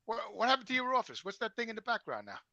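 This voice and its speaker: A man with a very high, gravelly voice fires off pestering questions. He talks fast and the sound is dry. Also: wildly swooping pitch, highs cut off, a crowd in the background. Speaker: podcast panelist.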